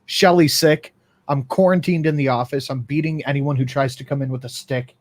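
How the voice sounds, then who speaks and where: Mid-pitched man with blunt, profane banter. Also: steady tone, fairly quick, no room sound. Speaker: podcast panelist. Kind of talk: casual podcast chat.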